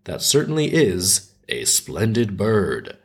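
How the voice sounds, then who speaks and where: Man doing a cheerful storybook girl, eager, lively pitch swings. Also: slow, exaggerated voice. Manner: brightened, eager. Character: weeping girl turned cheerful.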